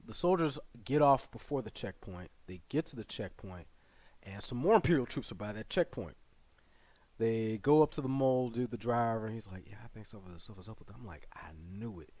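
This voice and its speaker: A man's voice: on the low side, dry recording. Male host, laid-back plot recap, rambling with lots of fillers, dry close sound. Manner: rambling, filler-heavy retelling with quick asides. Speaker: channel host reviewing a series. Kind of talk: casual spoken plot recap.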